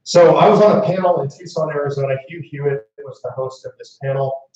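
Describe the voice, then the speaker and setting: A man's voice: a little high, brisk, a little mellow, recorded from a distance. A man giving a storytelling speech to a live audience as founder of a movement, speaking conversationally with asides to the crowd. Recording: echoey room mic heard from afar, muffled.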